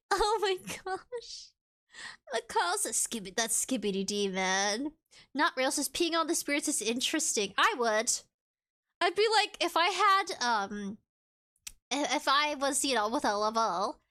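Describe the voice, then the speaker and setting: High, lively giggly woman streamer. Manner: giggly, reads chat aloud, playful. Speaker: live streamer. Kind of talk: casual live-stream chat.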